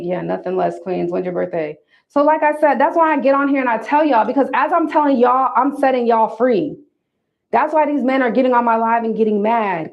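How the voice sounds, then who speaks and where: A fairly high-voiced woman talks straight to her livestream viewers, calling them y'all. Her delivery is emphatic and preachy. The sound is a bit dull and lo-fi. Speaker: livestream host giving dating advice. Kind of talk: casual livestream talk to viewers.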